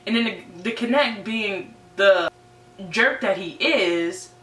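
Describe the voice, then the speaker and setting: A TV series reviewer with a medium-pitched, slow, slightly bright voice gives a casual, chatty episode recap packed with "right?" and "you know." The recording sounds roomy, with a distant mic and a faint hum.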